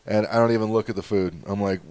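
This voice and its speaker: A man hosting a podcast, chatting casually in a rambling, animated way, cursing and laughing as he tells stories. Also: lowish voice, fast, clean tone, no echo. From Southern California. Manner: rambling, animated storytelling, swears, laughs often. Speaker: podcast host. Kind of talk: casual chat.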